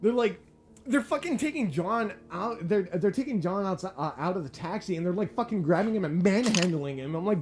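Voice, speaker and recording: A man giving a casual, profane movie review, excitable and full of fillers. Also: sits high, a little fast, crowd noise. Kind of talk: casual spoken film review.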